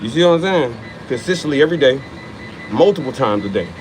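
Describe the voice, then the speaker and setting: A man's voice: mid-range voice, lively intonation, quick pace, slight background noise, low-quality recording. A man in his thirties giving a profane, emphatic motivational talk about training, repeating key lines for effect. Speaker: fitness motivator. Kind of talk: motivational monologue.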